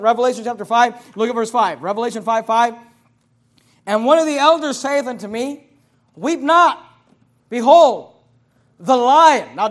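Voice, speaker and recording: Male pastor, high voice, emphatic sermon delivery with big swings between loud and soft. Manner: emphatic preaching, swinging between loud proclamation and low asides.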